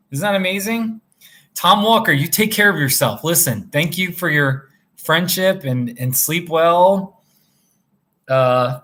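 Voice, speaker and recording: A man's voice: fairly high pitch, a bit bright. A man live-streaming from a motel room, rambling casually with many restarts as he answers viewers' comments.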